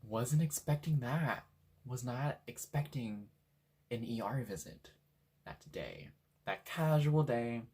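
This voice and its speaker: A young man from Washington State telling a story in a casual, animated way, swearing freely and acting out what people said. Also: medium pitch, takes it slowly, slightly rough. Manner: animated, swears a lot, acts out quotes. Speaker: vlogger.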